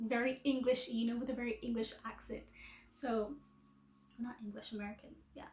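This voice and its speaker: A woman's voice: fairly high pitch, steady tone, a little fast, a little mellow, roomy sound, rough recording. A woman vlogger chatting casually and self-deprecatingly to camera, laughing at herself.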